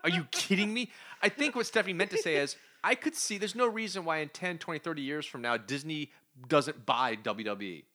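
Animated man co-hosting a podcast. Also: on the high side, fairly quick. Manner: exclamatory, incredulous outbursts. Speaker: podcast co-host. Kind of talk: casual podcast chat.

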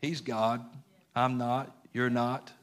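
A man's voice: mid-range voice, level tone, slow pace. Earnest preacher man. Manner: earnest, conversational preaching with colloquial grammar. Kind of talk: sermon.

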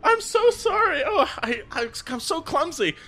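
A man putting on a high falsetto voice as a flustered serving woman in a tabletop game. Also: very animated, moderate pace, bright, forceful tone, heavily acted. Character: flustered female sea-folk serving woman, a disguised spellcaster.

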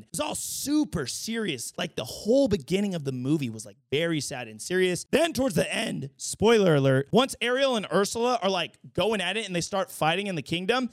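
A man giving a casual vlog movie review, slangy and animated, at times bursting into shouts. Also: high-pitched, no room sound, studio quality.

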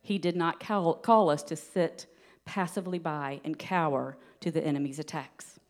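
A woman giving a sermon in an earnest, steady teaching manner, with light laughs now and then. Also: low-pitched, moderate pace. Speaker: preacher.

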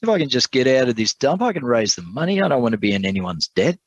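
A man voicing a proud, bitter male prisoner who talks stiffly and protests loudly in a told sermon story. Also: medium pitch, very animated, fast, dry recording, highs cut off, pitched above the performer's own voice. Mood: stubborn, proud. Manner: stiff, protesting, rising to cries.

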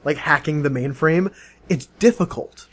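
Measured man co-hosting a podcast. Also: a little high, fairly bright tone. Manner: measured, chiming in with corrections and details. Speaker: podcast co-host. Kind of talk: casual gaming podcast chat.

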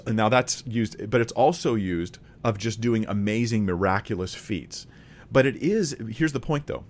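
A man's voice: fairly low pitch, a little hiss or hum. A man giving a conversational Bible study, earnest and emphatic, often restating his key points. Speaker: Bible teacher.

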